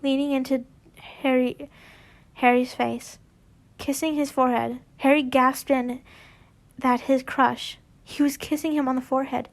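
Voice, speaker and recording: A woman reads a fanfiction story aloud in a high, unhurried voice. She stumbles over words now and then and slips into giggly commentary. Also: level tone. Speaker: fanfiction reader.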